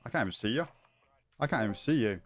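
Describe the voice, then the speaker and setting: Scouse gaming streamer, mid-pitched voice, casual sweary banter with a mate, talks in an eager, insistent way. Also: male voice, animated, quick pace. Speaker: game streamer.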